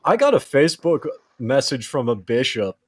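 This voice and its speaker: A man's voice: medium pitch, moderate pace, breathy edge. A man on a panel podcast, animatedly telling stories and acting out quoted lines. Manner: animated storyteller, acts out quotes. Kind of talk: casual panel chat.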